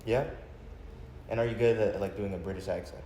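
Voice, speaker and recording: A man's voice: lowish voice, fairly even intonation, brisk, warm tone, a little hiss or hum. A man in his twenties co-hosting a podcast, bantering casually with joking, self-mocking lines. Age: 20s. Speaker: podcast co-host. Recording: echoey room.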